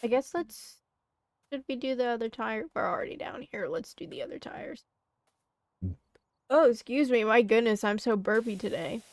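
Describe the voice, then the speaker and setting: A woman's voice: a little high, brisk, no room sound. A woman streaming a game, chatting casually and muttering to herself as she plays. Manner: mutters to herself while playing.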